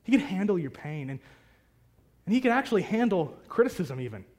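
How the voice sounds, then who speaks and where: Pastor, male, high tenor, casual animated sermon delivery to a live congregation. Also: brisk. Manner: conversational and animated, acting out prayers. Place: church hall with a congregation.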